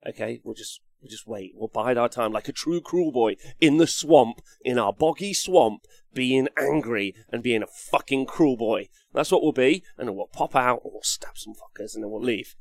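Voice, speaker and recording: A man's voice: medium pitch, normal speed, no echo. Rambling, jokey English man. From England. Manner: rambling, jokey, swears, reads chat comments aloud. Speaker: wargaming show host. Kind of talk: casual live-stream chat.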